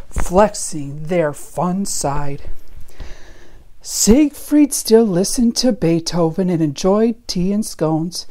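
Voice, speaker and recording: Warm, slow, expressive woman reading a storybook. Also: lowish voice. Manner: expressive, playful, rhyming delivery. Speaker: children's book reader. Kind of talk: read-aloud storytelling.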